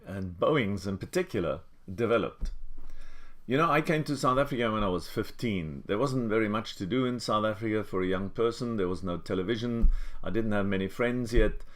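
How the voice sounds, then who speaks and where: An older man from Germany, hosting and telling a personal story in a relaxed, reminiscing way with pauses and fillers. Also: on the low side. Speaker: host. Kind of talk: casual storytelling to camera.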